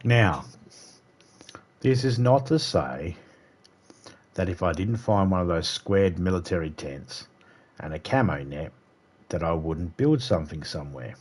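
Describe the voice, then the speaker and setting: A man's voice: low-pitched, lively intonation, a little slow, pauses often, a little mellow, breathy edge. A man with an Australian accent rambling and swearing freely while streaming a game live. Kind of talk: casual livestream chat.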